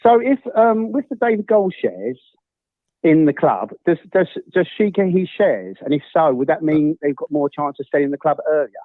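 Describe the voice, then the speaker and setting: A man calls in to a football fan show over a tinny, phone-like line. His voice is a little high and lively, and it sounds dry. He asks earnest questions. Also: normal speed, no room sound. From England. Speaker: caller.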